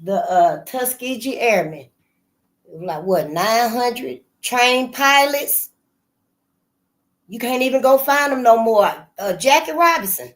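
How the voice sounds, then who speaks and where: A woman hosts her channel, talking loosely and conversationally to her audience, often repeating phrases and trailing off mid-thought. Her voice is a little high and her pace slow in this casual spoken commentary.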